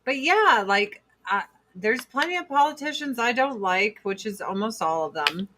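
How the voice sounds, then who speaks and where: A woman's voice: on the high side, expressive, normal speed, pushed and bright. A woman in her forties hosting a casual livestream, ranting bluntly with profanity and mocking put-on quotes. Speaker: livestream host.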